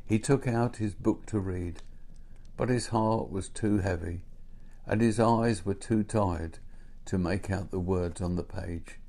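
A man gently reading a storybook aloud in an unhurried way. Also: low voice. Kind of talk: storybook narration.

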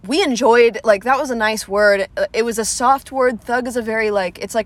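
A woman's voice: fairly high pitch, moderate pace. A young woman from Atlanta, a comedian hosting her own podcast, rambles in a casual, self-deprecating way and swears freely. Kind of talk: casual solo podcast monologue. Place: small room at home, lights went out.

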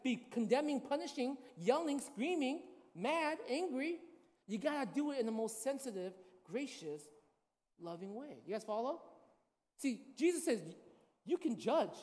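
A woman's voice: high-pitched, darkish tone. A woman pastor giving a casual, storytelling sermon, often checking in with the congregation. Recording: long hall reverb.

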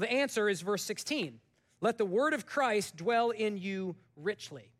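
A pastor with a high, light voice preaches a casual, animated sermon. He talks like he is chatting with friends, jumps up for punchlines and sinks to a hush for the serious parts. He sounds like a man in his thirties. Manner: conversational, animated storytelling with sudden soft drops.

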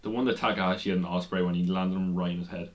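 A man's voice: low-pitched, fairly even intonation, very fast. A man co-hosting a casual wrestling podcast, rambling with many ums and restarts and swearing now and then. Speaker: podcast co-host.

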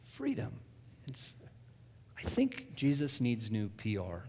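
A man giving an animated personal faith testimony, acting out his own past words as he tells the story. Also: mid-range voice, takes it slowly, a little hiss or hum. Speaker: guest speaker. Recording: long reverb of a large hall.

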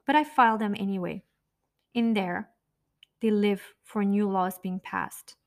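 A woman's voice: mid-range voice, steady tone, unhurried. A woman narrating her own memoir in a blunt, raw, profane way.

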